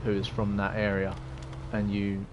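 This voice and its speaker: A man's voice: fairly low pitch, monotone, normal speed, lo-fi sound, slight background noise. A young man casually commenting on a driving game as he streams live, rambling and hesitant, chatting with viewers. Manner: rambling, hesitant, chatty, reads chat aloud. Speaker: gaming streamer.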